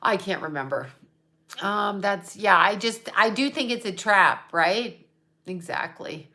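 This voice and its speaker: A woman's voice: medium pitch, expressive, a little slow, pushed and bright. A woman talks loosely to her livestream audience, drifting from thought to thought. She trails off mid-sentence and picks up again, with a mid-range voice and an easygoing, unscripted way of speaking. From United States. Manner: rambling, trailing off, chatting to viewers and her cat. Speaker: psychic livestream host. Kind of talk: casual livestream chat with viewers.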